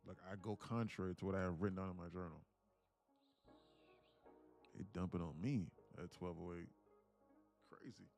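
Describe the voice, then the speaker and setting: Casual male streamer, low and gravelly, thinks out loud over his trades with mutters and excited spikes. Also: moderate pace, long pauses, faint music behind. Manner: talks to himself, muttering then excited bursts, laughs often. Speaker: day trader streaming live. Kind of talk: casual live-stream commentary.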